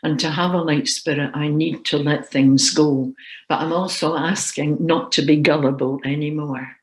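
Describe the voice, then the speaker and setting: A woman's voice: deep voice, fairly even intonation, moderate pace, roomy sound, low-quality recording. A woman giving an earnest, emotional testimony about forgiveness in a sermon. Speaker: Christian speaker.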